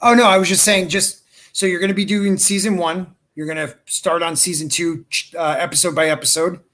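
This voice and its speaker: A man's voice: high voice, steady tone, brisk, fairly bright tone. Upbeat casual man hosting a podcast. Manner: loose and enthusiastic, calls guest dude and brother. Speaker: podcast host. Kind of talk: casual live-stream chat.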